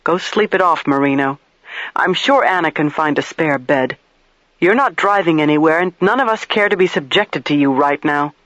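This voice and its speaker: A man's voice: on the high side, lively intonation, normal speed, fairly bright tone, no room sound, muffled recording. A man voicing an angry, stern middle-aged female medical examiner who scolds sharply.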